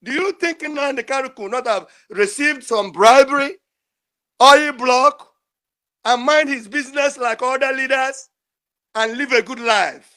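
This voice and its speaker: Older male caller, strikingly high-pitched, pleads emotionally and repeats himself. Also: measured pace, sharp tone. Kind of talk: impassioned call-in speech.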